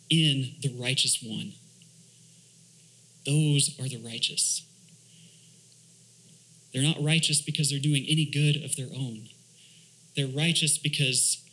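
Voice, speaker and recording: Church elder guy preaching, reads verses, asks why a lot, mid-pitched voice. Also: pushed and bright, poor audio. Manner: asks rhetorical questions and reads scripture aloud; explains Hebrew words. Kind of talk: sermon.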